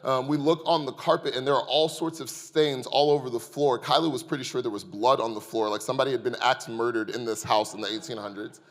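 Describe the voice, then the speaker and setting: A man's voice: medium pitch, quick pace, few pauses. A man preaching a sermon as the church's pastor, telling a humorous personal story and joking with the congregation. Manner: lively, joking storyteller who addresses the congregation. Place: church sanctuary. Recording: long hall reverb.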